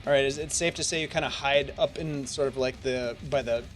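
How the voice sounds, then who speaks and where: A man narrating and running a tabletop game as game master, with lively, theatrical delivery. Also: medium pitch, fairly quick, soft background music.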